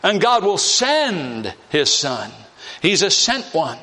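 A man's voice: high-pitched, sing-song, slow, pushed and bright. A man preaching a sermon on scripture. He repeats key phrases with emphasis and acts out the scenes he describes. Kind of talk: expository sermon.

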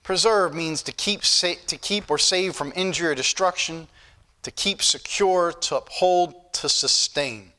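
A man's voice: a little high, measured pace, bright, forceful tone. A man preaching a sermon as pastor, folksy and joking at times, then building to emphatic points. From northern United States.

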